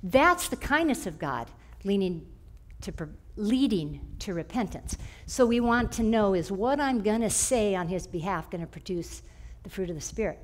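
A middle-aged woman teaching a church class through personal stories, animated, and often clearing her throat. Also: mid-range voice, moderate pace.

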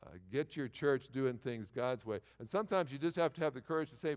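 A man's voice: mid-range voice, a little fast, hardly any pauses. Man preaching in a reverberant hall. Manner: animated storytelling with repeated false starts. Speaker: pastor. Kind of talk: sermon. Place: large church sanctuary.

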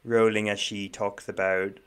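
A man's voice: fairly low pitch, level tone, measured pace, smooth. A man co-hosting a film podcast, jokey and self-deprecating as he guesses clips. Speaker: podcast co-host guessing in a quiz. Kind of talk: casual chat.

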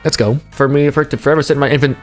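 A young man giving casual, jokey commentary while opening game cases, excitable and swearing, his voice jumping up when he gets hyped. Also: mid-range voice, rapid-fire, music in the background. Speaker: gaming streamer.

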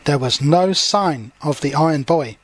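A man's voice: a little high, measured pace, dry recording. A man voicing a wise, helpful male owl in a storybook he is reading aloud. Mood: reassuring.

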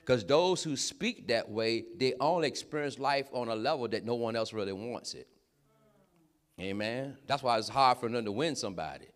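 Lively preaching man, animated pitch. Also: moderate pace. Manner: lively preaching with asides, laughter and repeated affirmations. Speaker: pastor. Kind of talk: sermon.

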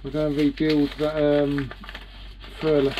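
A man's voice: on the high side, completely flat delivery, a little slow, background noise. A man with a British accent vlogging from his boat about repairs, rambling and self-mocking as he chats to his viewers. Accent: British English. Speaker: sailing vlogger. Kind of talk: casual vlog to camera.

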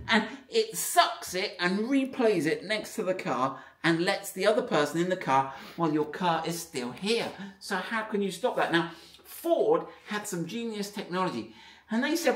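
A man's voice: high-pitched, sing-song, moderate pace. A man running a car business, explaining in a chatty, rambling, playful way. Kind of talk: casual explainer video.

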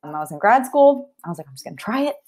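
A woman's voice: medium pitch, very animated, rapid-fire, darkish tone. A young adult woman, a therapist, talking in an earnest, heartfelt and reflective way during an interview. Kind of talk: interview conversation.

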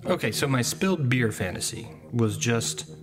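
A man's voice: medium pitch, expressive, normal speed. A man hosting a podcast, telling a scripted story in a wry, self-mocking way. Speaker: podcast host.

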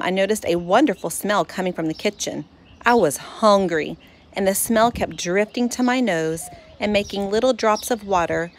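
A woman narrating a children's storybook in first person, expressive and lively. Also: mid-range voice, a little hiss or hum.

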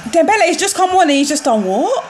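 A young woman reacting live to a football match, excitable and quick to shriek and laugh. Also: extremely high pitch. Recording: loud crowd noise behind. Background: crowd noise from the match broadcast.

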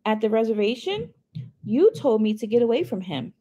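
A woman voicing a guarded young girl who gives short, reluctant answers, with a husky voice and lively pitch. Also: moderate pace, muffled recording. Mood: defensive. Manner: short, flat, reluctant replies.

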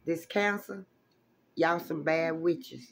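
A woman giving a casual tarot reading, animated and exclamatory, with plenty of salty, profane asides. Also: low voice, slow, vocal fry, a little hiss or hum. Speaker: tarot reader.

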